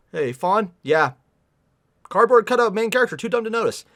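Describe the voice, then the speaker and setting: A livestreamer reads a novel aloud and tears into it with sarcastic, exasperated commentary, swearing and sighing often between passages. The voice is medium-pitched and animated, at a normal speed and a bit bright.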